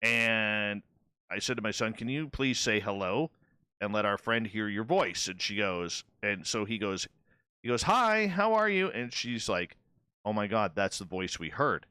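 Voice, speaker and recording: A man hosts a talk-radio panel and tells an anecdote with animated energy, acting out the dialogue himself. His voice is bright and forceful. The sound is dry and close to the mic. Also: fairly low pitch, unhurried, clear, resonant tone, dry recording. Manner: animated anecdote-telling, acts out both sides of dialogue. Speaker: radio show host. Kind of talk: casual storytelling on a panel show.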